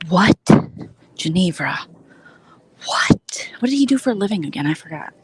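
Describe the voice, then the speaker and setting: A woman in her forties from Minnesota, chatting casually on a live stream as she walks through a big store, often hushed to a near whisper. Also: lowish voice, big pitch swings, very fast, slightly rough. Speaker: vlogger host.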